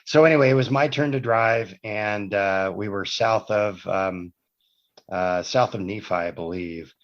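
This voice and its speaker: A man's voice: fairly low pitch, a little slow. A man, a podcast guest, telling a long personal story in casual conversation, wandering and correcting himself as he goes. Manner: rambling anecdotal storytelling with self-corrections. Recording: dull lo-fi podcast audio.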